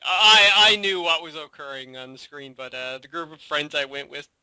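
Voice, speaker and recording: Bright-voiced man on a dry mic. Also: fairly high pitch, moderate pace, smooth, no room sound. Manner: laughs often, lots of fillers and agreeing murmurs. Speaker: podcast co-host. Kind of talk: casual chat.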